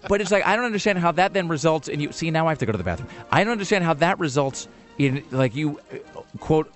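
A man's voice: a little high, expressive, fast talker, faint music behind. A man hosting a radio news show, talking in a rambling, wry way with many fillers. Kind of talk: casual radio banter.

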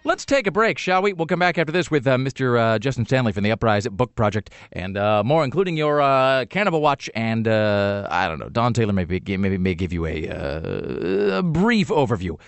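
A man's voice: mid-range voice, big pitch swings, normal speed, few pauses, clear, resonant tone, dry recording. A man hosting a talk radio show, rambling through stories with many fillers and sardonic jokes. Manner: rambling storyteller with lots of fillers and restarts; sardonic, joking. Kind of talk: casual talk radio banter.

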